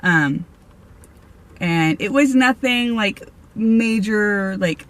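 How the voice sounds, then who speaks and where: A woman's voice: medium pitch, slow pace. A woman vlogger casually telling her own ghost stories, rambling with many restarts and laughs. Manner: rambling, chatty, with frequent fillers, restarts and laughs. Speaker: vlogger and medium. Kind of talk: casual storytelling.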